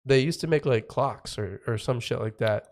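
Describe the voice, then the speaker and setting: A man's voice: mid-range voice, moderate pace. A man co-hosting a podcast, telling stories in casual chat with lots of "like" and swearing. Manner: rambling storyteller, heavy "like" filler, swears. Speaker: podcast co-host.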